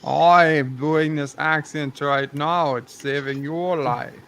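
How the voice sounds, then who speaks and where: A slow, gravelly, mock-Russian comrade, put on by a man hosting a stream. He talks in a heavy, put-on accent with a dead-serious, boastful air. The delivery is drawn out and deliberate. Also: a little high, fairly even intonation, a bit bright. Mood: deadpan. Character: joking fake Soviet man, boastful comrade. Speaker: stream host. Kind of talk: comedic bit on a casual stream.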